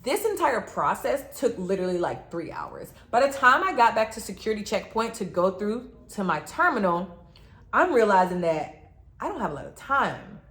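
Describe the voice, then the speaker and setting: A young woman telling a dramatic travel story to her viewers in an animated vlog. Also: mid-range voice, moderate pace. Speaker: travel vlogger.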